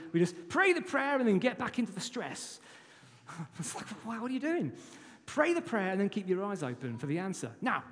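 A man preaching a sermon as pastor, lively and playful, talking straight to kids and adults. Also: on the high side. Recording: long hall reverb.

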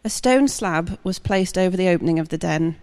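A woman reading a long scripture passage aloud at a steady, measured pace. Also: fairly low pitch, long reverb tail. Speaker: scripture reader.

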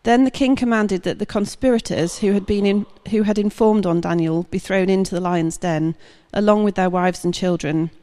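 A woman reading a long scripture passage aloud at a steady, measured pace. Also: mid-range voice, in a large hall. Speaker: scripture reader.

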